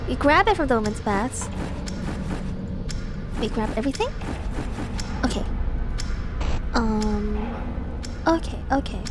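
A young woman streaming a game, chatting casually with her chat, jumpy and quick to swear when startled. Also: fairly high pitch, lively intonation. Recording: clear game music behind voice. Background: game music.

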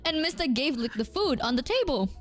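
High woman streamer, giggly anecdote, music bed underneath. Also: a little fast. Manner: animated, giggly, acts out quotes. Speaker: streamer telling a story. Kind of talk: casual storytelling in a played clip.

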